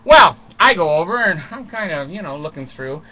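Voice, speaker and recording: A man's voice: high-pitched, big pitch swings, normal speed, dull audio. An older man rambling through a crude, self-mocking comic monologue from a small closet at home, chuckling often. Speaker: vlogger.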